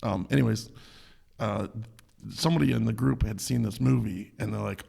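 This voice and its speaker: A man from Minnesota with a deeply gravelly, husky voice. He is a podcast guest who tells stories with animation and swears freely in loose, casual chat. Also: moderate pace, dark tone. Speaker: guest musician.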